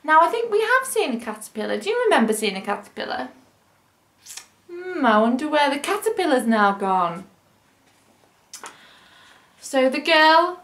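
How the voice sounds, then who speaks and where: A woman teacher reading a picture book aloud for children, adding gentle, chatty asides to young listeners. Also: high voice, lively intonation, unhurried. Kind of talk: children's story time reading. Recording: roomy echo.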